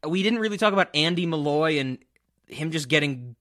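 A man's voice: on the high side, animated, a little fast, a bit bright, no echo, clean studio sound. A man co-hosting a podcast in casual chat, talking enthusiastically and laughing often. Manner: enthusiastic, laughing, acts out quotes. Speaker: podcast co-host.

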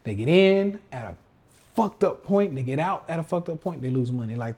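Husky-voiced man ranting casually. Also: a little high, lively intonation, moderate pace, a little mellow. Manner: slangy, emphatic, repeats himself. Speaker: podcast host and trading coach. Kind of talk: casual livestream rant.

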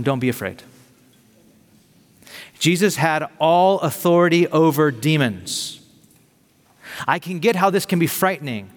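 A man pastor giving a sermon in an energetic, conversational way with casual slang. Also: a little high. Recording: long reverb of a large hall.

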